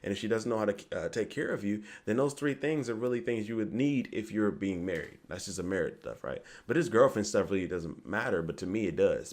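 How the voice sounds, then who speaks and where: A young man giving rambling casual dating advice to camera, often asking "you get me?". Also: low voice. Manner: rambling, repeats "you get me", acts out quoted lines.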